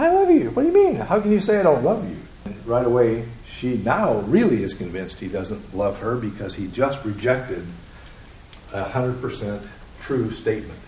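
A man leads a counseling class in a roomy classroom, with a little noise in the background. His pitch sits in the middle. He puts questions to the class and acts out the answers people give. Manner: asks the class questions, acts out quoted replies. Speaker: counseling instructor. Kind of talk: classroom teaching.

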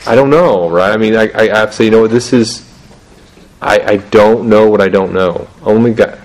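A middle-aged man talking through parenting in a casual, halting way, restarting sentences often and laughing at himself. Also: lowish voice, rough recording. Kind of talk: casual teaching talk on parenting.

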